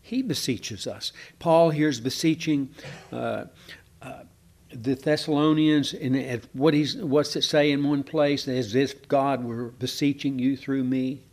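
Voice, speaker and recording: A man teaching a Bible passage in a relaxed, conversational way, often pausing with fillers and asking his listeners questions. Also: medium pitch. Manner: conversational, asks the room questions, hesitant with many fillers. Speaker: preacher. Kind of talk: informal Bible teaching to a small congregation.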